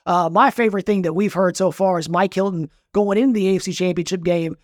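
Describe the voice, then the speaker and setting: A man talking sports as a reporter on a podcast, telling stories in a lively, animated way. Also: high voice, no room sound, clean studio sound. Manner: animated storyteller, quick and bright. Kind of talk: casual podcast chat.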